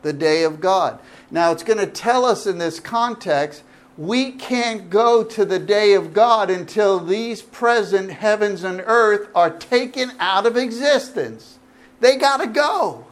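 A middle-aged man teaching a Bible study as pastor, pausing to ask the listeners questions. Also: high voice. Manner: asks the audience questions, animated.

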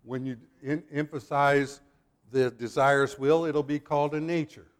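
A man's voice: fairly high pitch, fairly even intonation, moderate pace, clean tone. A man teaching a Bible passage verse by verse to a congregation, explaining as he goes with restarts and asides.

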